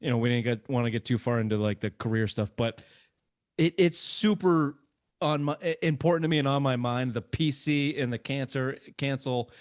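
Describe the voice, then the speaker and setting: Loose podcast host. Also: male voice, medium pitch, normal speed, no room sound, studio quality. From Boston area. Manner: loose, profane, question-asking. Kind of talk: casual podcast chat.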